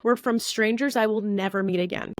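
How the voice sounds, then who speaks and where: A woman speaking as a networking coach in an interview, blunt and lively, acting out quoted conversations in sudden higher voices. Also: a little fast, dry recording. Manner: blunt, with occasional swearing. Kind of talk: candid interview talk.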